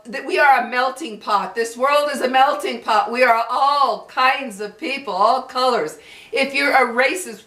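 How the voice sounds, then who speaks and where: A woman's voice: a little high, a bit bright, echoey room. An older woman with children and grandchildren, ranting angrily to her viewers, cursing and repeating herself for emphasis. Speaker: vlogger. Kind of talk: angry rant to camera.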